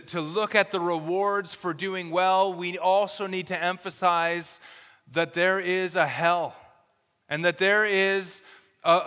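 A man's voice: high-pitched, pushed and bright, clean tone. A male pastor preaching a sermon, reading scripture aloud and giving earnest, urgent warnings. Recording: long hall reverb.

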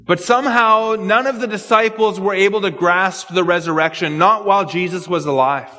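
A man's voice: sits high, moderate pace, sharp tone, big-room sound. A man preaching an expository sermon, earnest and thinking aloud, repeating words as he works through a passage. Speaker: pastor.

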